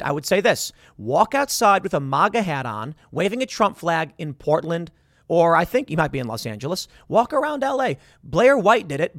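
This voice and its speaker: A man's voice: on the high side, fairly bright tone, no echo, studio quality. A man delivering an argumentative opinion monologue as a political commentator, reading out posts and reacting to them emphatically.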